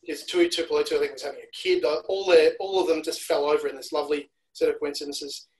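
Male analyst guest from Australia, casual podcast chat, slightly raised pitch, analytical delivery. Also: fairly even intonation, fast talker, low-quality recording. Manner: analytical, repeats words when restarting.

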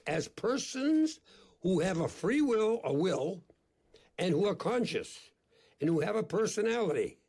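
An older man, a priest, speaking as an interview guest in an emphatic, deliberate, preacherly way. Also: high voice, a little mellow, husky.

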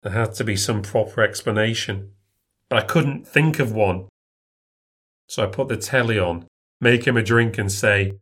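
A man reading a first-person ghost story in a measured, tense manner. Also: fairly low pitch, steady tone, a bit bright.

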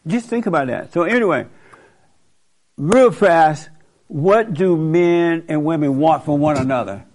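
A man's voice: on the high side, unhurried, darkish tone. A man preaching informally in a blunt, colloquial way, questioning a listener. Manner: blunt, colloquial, laughs at his own points.

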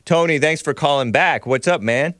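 A man's voice: a little high, normal speed, a bit bright, dry recording, clean studio sound. A man hosting a call-in talk show, joking and laughing often as he chats. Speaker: radio show host.

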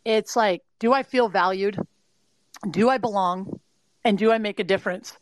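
A woman's voice: medium pitch, normal speed, dry recording, poor audio. A middle-aged woman from California, an interview guest giving earnest, emphatic mindset advice to athletes, full of "you know" fillers. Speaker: mindset and performance adviser. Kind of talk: interview guest, motivational talk.

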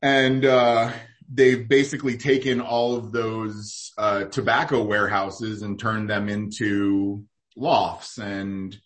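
A man's voice: fairly low pitch, level tone, slow pace. A man in casual podcast chat, rambling with lots of fillers and restarts. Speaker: guest food reporter.

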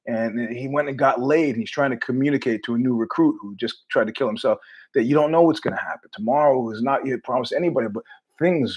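A man's voice: mid-range voice, slightly rough. A man hosting his own show, telling a story in a blunt, profane, conversational way. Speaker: host. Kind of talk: casual storytelling monologue.

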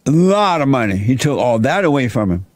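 A man's voice: medium pitch, very animated, brisk, no room sound, clean studio sound. A man hosting his show and retelling a Bible story in a folksy, plainspoken sermon style. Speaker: host and preacher.

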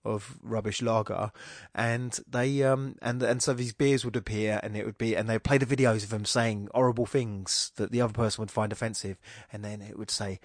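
Middle-aged male podcast host, low-ish, dry booth sound, chatty and digressive. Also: fairly even intonation, normal speed, dry recording. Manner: rambling, self-interrupting, wry asides. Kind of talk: casual monologue.

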